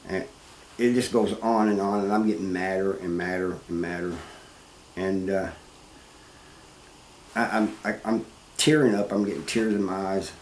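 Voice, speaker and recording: Casting note: a man with a lowish voice, plain-spoken and halting, recorded in a roomy space with faint background noise. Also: fairly even intonation, darkish tone. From Missouri, US. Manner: plain-spoken, halting, with restarts and "you know". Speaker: former prisoner telling his story. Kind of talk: first-person storytelling.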